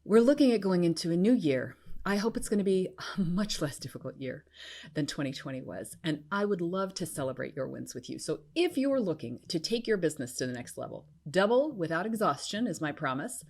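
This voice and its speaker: A middle-aged woman hosting a business-coaching podcast solo, bubbly and encouraging, breaking into high cheers. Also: sing-song, brisk, darkish tone. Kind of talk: enthusiastic solo podcast talk.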